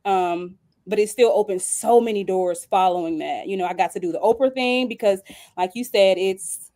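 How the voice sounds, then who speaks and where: A young woman, a singer and songwriter, telling a story in a casual interview, animated and laughing often. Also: medium pitch, moderate pace. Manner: animated, squeals when acting out quoted dialogue.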